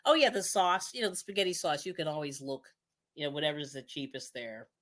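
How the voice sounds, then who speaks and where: Chatty, low-pitched woman cooking live. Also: a little fast, a bit bright. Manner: chatty, laughs often, trails off and restarts. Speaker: cooking show host. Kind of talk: casual live-stream cooking chat.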